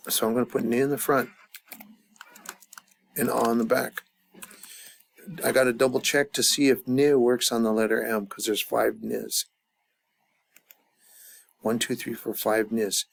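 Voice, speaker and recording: A man's voice: medium pitch, flat delivery, a little slow, pauses often. A man teaching a grammar lesson at a chart, thinking aloud with many fillers and restarts. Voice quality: gravelly. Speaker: language teacher.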